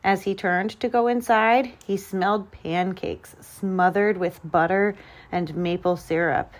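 A woman who was a kindergarten teacher, reading a children's storybook aloud in a clear, child-friendly way. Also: mid-range voice, steady tone, unhurried.

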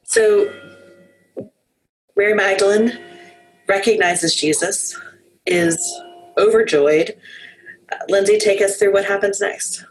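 A woman's voice: mid-range voice, slow, long pauses, a little hiss or hum, rough recording. Woman podcast co-host guiding the talk. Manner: relaxed, guiding the discussion with questions. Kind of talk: conversational faith podcast discussion.

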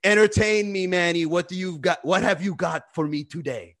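A man's voice: high-pitched, moderate pace, a bit bright. A man voicing a haughty female heckler who demands to be entertained and scorns every joke, in a profane, imperious manner.

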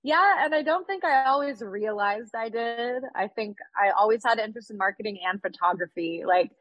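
A woman's voice: fairly high pitch, a little fast, a bit bright, no room sound, muffled recording. Chatty upbeat woman in her thirties, dry sound. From California. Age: 30s. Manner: chatty, upbeat, lots of fillers. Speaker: guest. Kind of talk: casual podcast chat.

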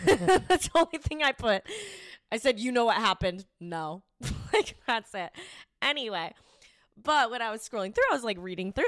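A young woman co-hosting a podcast, telling a story in a lively, casual chat, laughing and swearing freely. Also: medium pitch, no room sound, clean studio sound. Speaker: podcast co-host.

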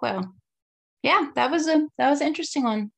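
Young woman co-host, bright voice, animated pitch, gravelly fry, casual chat. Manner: lively, quick to laugh. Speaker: podcast co-host.

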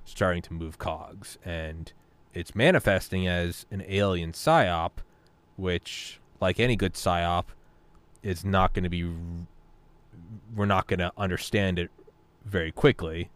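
A man's voice: sits low, fairly even intonation, a little slow, no room sound. A man in casual podcast chat, a profane, jokey storyteller who laughs often.

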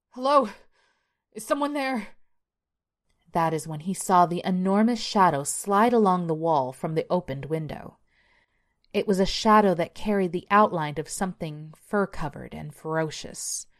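A woman narrating a horror story in a measured storytelling voice. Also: fairly low pitch.

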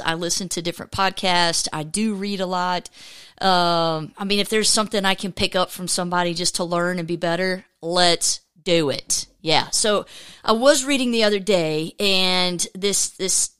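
This woman hosts a casual faith podcast, sounding upbeat and chatty as she rambles and restarts often. Her voice sits in the mid-range, slightly bright, clear and resonant.

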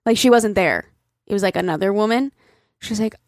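A woman's voice: medium pitch, a little fast, no echo, clean studio sound. A young woman co-hosting a podcast in casual chat, talking in a chatty, filler-heavy way with lots of "like" and casual swearing. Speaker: podcast co-host.

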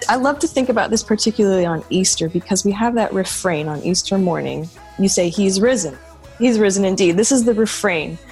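A woman's voice: mid-range voice, a little fast, few pauses, a little mellow, faint music behind. A woman being interviewed on a podcast in a chatty, casual way, still in her morning voice. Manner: chatty, laughs often, restarts words. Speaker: podcast guest. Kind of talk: casual conversation.

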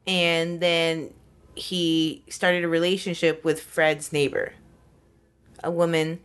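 A woman's voice: low voice, level tone, slow, smooth. A woman co-hosting a podcast, telling a story in a casual, rambling way with many fillers and restarts. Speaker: podcast co-host.

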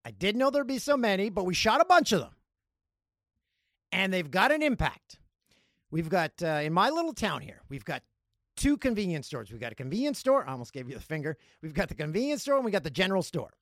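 Canadian guy doing his podcast, jokey, voice jumps all over, kinda gravelly. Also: high voice, no echo, clean studio sound. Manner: animated, jokey, shifts into loud playful outbursts. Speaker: podcast host. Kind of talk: casual solo podcast chat.

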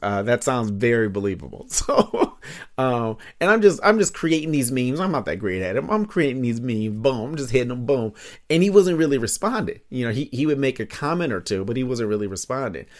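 A man's voice: mid-range voice, big pitch swings, brisk. Rambling, laughing man hosting a podcast. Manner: rambling, laughs often, heavy fillers and swearing. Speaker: podcast host. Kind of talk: casual solo podcast chat. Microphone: studio microphone.

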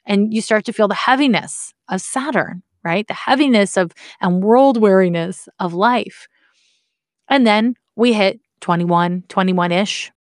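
A woman's voice: mid-range voice, a little slow, no echo, clean studio sound. Candid woman explaining astrology. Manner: candid, swears casually, wry asides. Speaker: astrology teacher. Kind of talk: casual explanatory talk.

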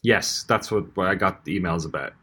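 A man's voice: deep voice, a little fast, bright, forceful tone, husky. A man with an Irish accent co-hosting a podcast, chatting casually with rambling, profane, comic rants. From Ireland. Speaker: podcast co-host. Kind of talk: casual chat.

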